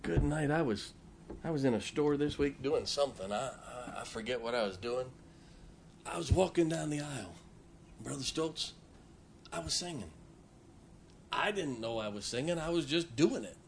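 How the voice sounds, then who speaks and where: A man's voice: mid-range voice, animated, vocal fry, a little hiss or hum. Folksy Baptist preacher man, sings hymns. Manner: breaks into hymns and scripture, sung slowly and loudly; storytelling with humor. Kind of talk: folksy sermon.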